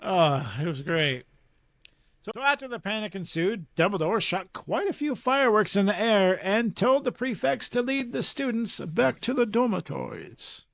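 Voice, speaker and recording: Animated guy chatting on a podcast, high voice jumping all over, dry close mic. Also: moderate pace, vocal fry, no room sound. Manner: animated, laughs and mimics quotes. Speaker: podcast co-host. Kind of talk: casual chat.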